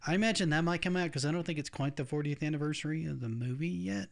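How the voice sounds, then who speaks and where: A man's voice: fairly high pitch, quick pace, creaky. A middle-aged man hosting a casual podcast chat, rambling with frequent restarts and laughing often. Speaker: podcast host.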